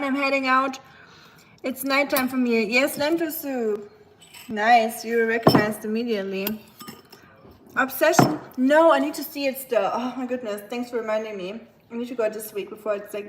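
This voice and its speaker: Rambling woman streamer, slightly high voice. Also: fairly even intonation, normal speed, a bit bright. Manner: rambling, heavy use of filler words. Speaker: live streamer. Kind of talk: casual livestream chat.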